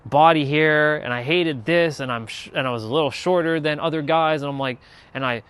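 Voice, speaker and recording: A man's voice: a little high, brisk, a bit bright, clear, resonant tone. A man telling a personal spiritual story, earnest and rambling, with many restarts and trailing phrases. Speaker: spiritual content creator.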